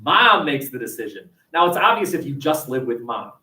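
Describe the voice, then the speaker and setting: A man teaches a class with a lively, swooping voice, joking and quizzing his students. He is picked up from across a roomy, echoing classroom. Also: mid-range voice, moderate pace. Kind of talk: classroom lecture. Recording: echoey classroom from far off.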